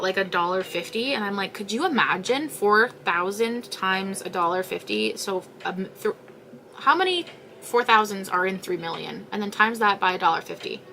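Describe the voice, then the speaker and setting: Bright-voiced woman, chatty crochet host. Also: medium pitch, a little hiss or hum. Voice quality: chatty, rambling, exasperated. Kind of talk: casual chat while crocheting.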